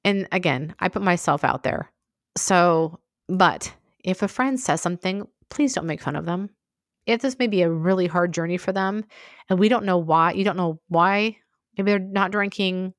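Frank, low-voiced woman podcast host. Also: moderate pace, dry recording, clean studio sound. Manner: frank, conversational, full of asides. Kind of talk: candid solo podcast monologue.

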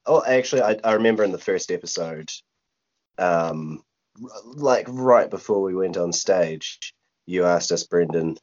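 Low-voiced wry man. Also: moderate pace, a little mellow, dull audio. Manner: wry, self-mocking. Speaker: podcast guest, tabletop player. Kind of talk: casual podcast chat.

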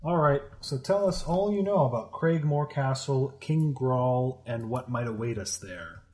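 A man's voice: mid-range voice, measured pace, darkish tone. A man playing in a tabletop game, questioning a captive and working out travel time, often restarting his sentences. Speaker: player.

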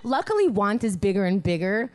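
A woman in her thirties, born in Israel and raised in Queens, chatting on a live comedy podcast in an animated, self-mocking way and laughing often. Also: medium pitch, a little fast. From Israel, grew up in Queens. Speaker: guest comedian. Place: small live venue.

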